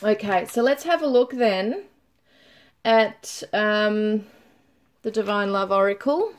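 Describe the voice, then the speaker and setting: A woman giving a casual tarot reading to viewers, chatty and laughing often, reading card messages aloud slowly. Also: medium pitch, expressive. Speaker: tarot reader.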